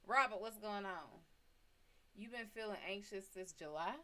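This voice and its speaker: A woman's voice: mid-range voice, moderate pace, fairly bright tone. Woman, tarot host on a live stream, casual and profane, chats straight to viewers, desk mic with her voice drifting off it. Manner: loose and chatty, swears freely, talks to viewers by name. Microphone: desk mic, often turned away from it.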